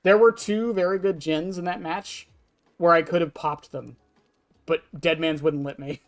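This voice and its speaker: A streamer casually narrates a match of an online horror game and answers chat, blunt, offhand and swearing freely. The voice is medium in pitch with fairly even intonation and a moderate pace, and faint music plays behind.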